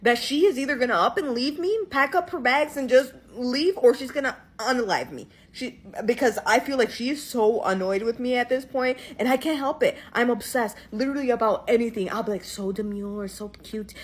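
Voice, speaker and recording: A woman's voice: fairly high pitch, brisk, hardly any pauses, slightly rough. A woman content creator telling a story to camera in a dramatic, exaggerated way. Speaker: social media creator. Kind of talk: casual chat to camera.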